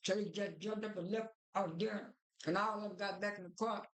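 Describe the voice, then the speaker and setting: A woman's voice: medium pitch, fairly even intonation, fairly quick. Rambling woman vlogger in an echoey room. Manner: rambling, with many restarts and fillers. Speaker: vlogger recapping a TV episode. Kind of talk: casual spoken recap.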